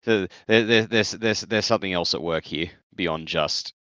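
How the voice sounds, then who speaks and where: Deep-voiced blunt man, dull lo-fi mic. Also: normal speed, fairly bright tone, dry recording. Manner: blunt and opinionated, swears casually. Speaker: podcast co-host. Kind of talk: casual chat.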